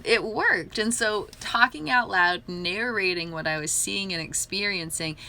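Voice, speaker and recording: A woman's voice: on the low side, pushed and bright, slight background noise. A young woman talking casually on a livestream, earnest and upbeat, often laughing. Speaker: livestream host.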